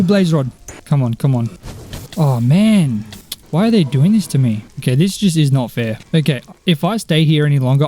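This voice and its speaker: A young man giving excitable gameplay commentary as a video game streamer, often exclaiming and talking to the characters in the game. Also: fairly high pitch, a little hiss or hum. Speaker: Minecraft YouTuber.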